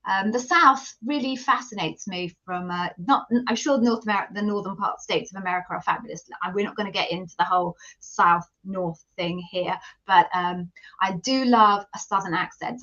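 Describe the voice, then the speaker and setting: A middle-aged British woman hosts a live stream, greeting viewers by name in a chatty, self-deprecating way. Her voice is bright and forceful, at an ordinary pitch for a woman. The sound is a little dull and lo-fi. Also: fairly quick. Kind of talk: casual live-stream chat and self-introduction.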